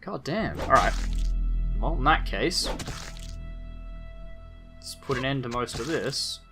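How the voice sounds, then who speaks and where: A man's voice: mid-range voice, expressive, slow, music in the background. A man hosting a let's play, giving casual commentary with wry, jokey asides and reading in-game text aloud.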